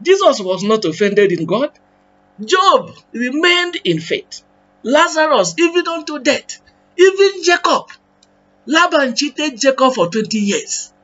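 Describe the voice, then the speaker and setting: A man's voice: very high-pitched, big pitch swings, a little slow, fairly bright tone, muffled recording. A man preaching a sermon and leading a prayer, fervent and repetitive in his appeals.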